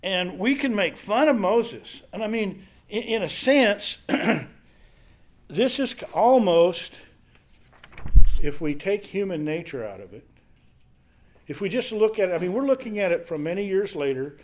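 A man's voice: high-pitched, sing-song, unhurried. A man leading a casual Bible study, reading scripture aloud and then explaining it in a conversational way.

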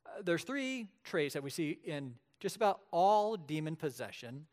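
Man, preacher, sermon, fairly high pitch, animated storytelling, loud-soft swings. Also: measured pace. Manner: lively storytelling preacher, shifts between loud and quiet. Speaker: pastor.

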